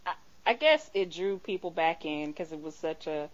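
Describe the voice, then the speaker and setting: A woman's voice: deep voice, expressive, moderate pace. A woman co-hosting a casual fan podcast, speaking bluntly and swearing freely. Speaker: podcast co-host. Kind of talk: casual chat. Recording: dull lo-fi recording.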